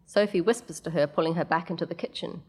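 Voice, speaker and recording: Low-voiced woman reading a story aloud. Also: a little mellow, breathy edge. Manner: measured, slipping in casual asides. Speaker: narrator.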